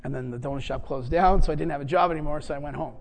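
A man's voice: a little high, very fast, slight background noise. A man preaching, telling a personal story and acting out the voices of the people in it. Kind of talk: sermon storytelling.

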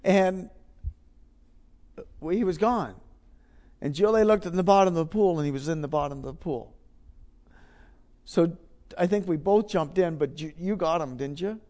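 A man's voice: a little high, normal speed, long pauses, darkish tone. Emphatic man preaching a testimony. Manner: storytelling, emphatic, repeats phrases. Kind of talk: sermon testimony.

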